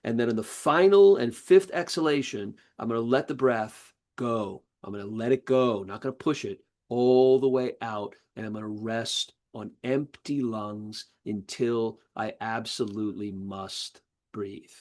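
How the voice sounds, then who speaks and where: A man teaching a live breathwork class, talking listeners through each breath with calm, repeated cues. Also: mid-range voice, unhurried. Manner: calm, repetitive guiding cues. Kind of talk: guided breathwork instruction.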